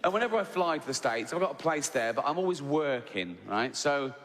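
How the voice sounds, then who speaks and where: A man's voice: medium pitch, very animated, fairly quick, a bit bright. A middle-aged man doing stand-up comedy, telling loose, profane, mocking stories and tagging lines with "right?". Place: large theatre stage. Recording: big hall reverb, faint crowd ambience.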